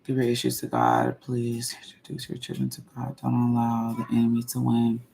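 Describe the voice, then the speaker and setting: A woman hosting her own channel, talking in a casual livestream and venting slowly and deliberately, circling back to repeat her points. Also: a bass voice, monotone, vocal fry, warm tone, a little hiss or hum. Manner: slow, measured venting, repeats herself. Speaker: channel host.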